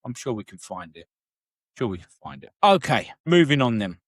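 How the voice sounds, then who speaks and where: A man's voice: mid-range voice, very animated, moderate pace, breathy edge, no room sound, clean studio sound. A man co-hosting a wrestling podcast in casual chat, swearing freely and laughing often. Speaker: podcast co-host.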